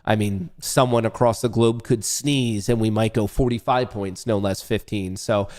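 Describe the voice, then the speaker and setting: A man's voice: on the low side, fairly even intonation, moderate pace, a little mellow. A young man hosting a live day-trading stream, chatting loosely to his audience with jokes and swearing. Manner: loose, joking, swears, talks to chat. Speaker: livestream day-trading host. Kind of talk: casual live trading commentary.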